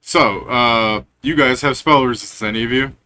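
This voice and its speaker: A man's voice: mid-range voice, moderate pace, sharp tone. A man running a tabletop game as game master, casual and profane, making rulings on the fly.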